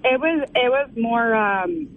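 A woman's voice: sits high, expressive, slow, a little hiss or hum. A woman calling into a radio show, giving hesitant, thoughtful answers over the phone. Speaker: caller. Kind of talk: phone-in tarot reading. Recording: tinny phone line.

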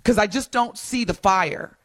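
A woman co-hosting a radio morning show in casual chat, animated and playfully teasing, laughing often. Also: mid-range voice, measured pace, no echo. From Wisconsin.

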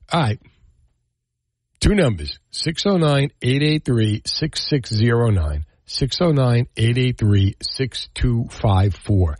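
A man hosting a call-in radio show, joking with callers and chatting in an animated way. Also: medium pitch, breathy edge, dry recording. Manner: animated, jokey, repeats phone numbers. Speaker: radio host.

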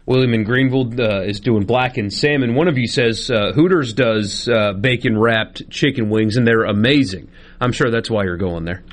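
A man's voice: medium pitch, normal speed. Chatty male sports radio host. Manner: laughing storyteller, reads listener texts. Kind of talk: casual sports radio talk.

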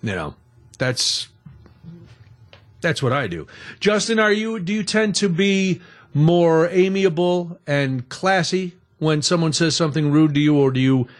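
A middle-aged man hosts a talk radio show from a studio mic. His voice sits a little high for a man. He rambles along in a chatty, self-deprecating way. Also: lively intonation, unhurried. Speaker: radio host.

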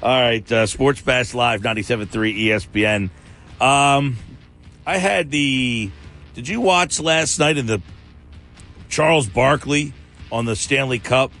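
A man's voice: mid-range voice, measured pace, fairly bright tone, faint music behind. A man hosting a sports radio show, chatting casually with a co-host and laughing often.

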